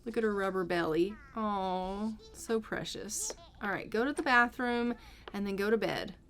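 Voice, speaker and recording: A woman's voice: mid-range voice, normal speed, a bit bright. A woman casually narrating her gameplay, chatting away and voicing the characters' lines as she goes. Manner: chatty, voices the characters' lines in a running commentary. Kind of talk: casual let's-play narration.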